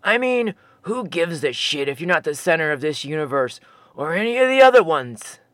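A narrator voicing a huge, mellow male Sasquatch who is a stoner, speaking in a sheepish, relaxed drawl. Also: mid-range voice, moderate pace, no room sound, studio quality, pitched below the performer's own voice.

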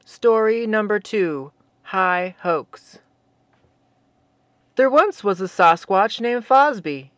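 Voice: mid-range voice, expressive, slow pace, pauses often, a bit bright, no echo. A storyteller narrating a tale casually, with wry, teasing asides to the listener.

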